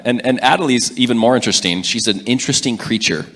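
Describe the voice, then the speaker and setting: A man in his thirties giving a leadership talk, telling animated stories about his young daughters. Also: medium pitch, fast talker. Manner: animated storyteller, acts out his daughters' lines. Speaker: leadership speaker.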